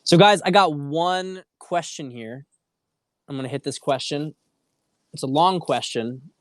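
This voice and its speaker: On a livestream about dating, the male coach talks at a measured pace in a somewhat high voice, earnest and a touch preachy, often starting over mid-thought. The recording is dry and studio-clean.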